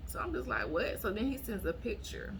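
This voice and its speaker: A woman vlogger tells her viewers about a date in a blunt, casual, animated way, often acting out her own lines in a raised voice. Her pitch is medium and her pace a little fast. There is noise in the background.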